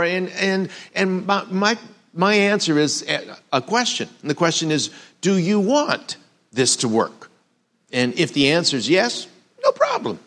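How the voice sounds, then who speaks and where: Bright high-voiced man preaching. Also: sing-song, unhurried. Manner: earnest, repeating lines for emphasis. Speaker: pastor. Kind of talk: sermon.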